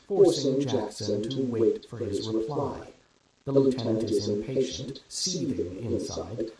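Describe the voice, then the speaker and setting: A man narrating a first-person story at a steady, even storytelling pace. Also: medium pitch. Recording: very echoey room with crowd noise.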